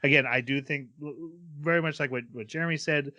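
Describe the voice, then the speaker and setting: A man's voice: on the high side, brisk, sharp tone, dull audio. A man co-hosting a casual podcast, playfully recapping episodes with frequent chuckles. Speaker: podcast co-host.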